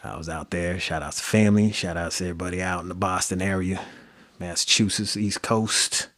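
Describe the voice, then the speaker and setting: A man's voice: low-pitched, steady tone, fairly quick, a bit bright. A man with a Midwestern American accent hosting a solo podcast, talking loosely and conversationally with slang and fillers. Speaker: podcast host. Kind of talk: casual solo podcast monologue.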